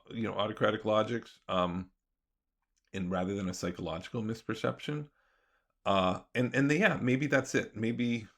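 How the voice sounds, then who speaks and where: A man's voice: lowish voice, gravelly, a bit bright, breathy edge. A man, a guest economist and professor, explaining his ideas in a thoughtful, conversational podcast interview.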